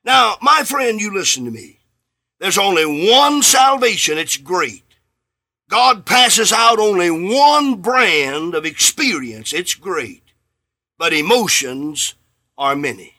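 Male radio preacher, high, lively voice, slow and emphatic, booms then drops to a hush. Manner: emphatic preaching with sudden swells and hushed drops; acts out bits of dialogue in his sermon. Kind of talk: radio sermon.

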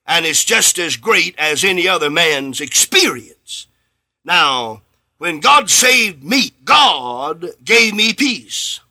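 High, bright-voiced emphatic preacher man. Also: big pitch swings, takes it slowly. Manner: emphatic preaching with sudden swells and hushed drops; acts out bits of dialogue in his sermon. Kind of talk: radio sermon.

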